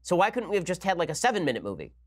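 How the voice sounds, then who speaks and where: Fast-talking sarcastic male podcast host. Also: high voice, huge pitch swings. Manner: rapid, sarcastic ranting. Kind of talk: solo commentary monologue.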